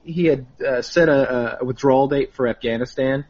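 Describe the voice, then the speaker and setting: A man chatting animatedly with friends, talking in fits and restarts. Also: medium pitch. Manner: animated, halting with restarts and fillers. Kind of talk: casual chat among friends. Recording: dull lo-fi recording.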